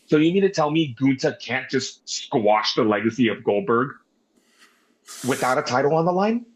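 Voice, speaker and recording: A man co-hosting a casual wrestling review podcast, animated and swearing as he rants in mock anger. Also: medium pitch, normal speed, low-quality recording. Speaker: podcast co-host.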